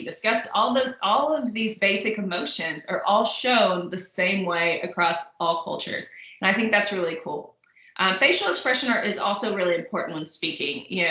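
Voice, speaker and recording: A woman's voice: medium pitch, sharp tone. A woman instructor giving a recorded lecture in a conversational way, with frequent fillers and asides. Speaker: college instructor. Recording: echoey room.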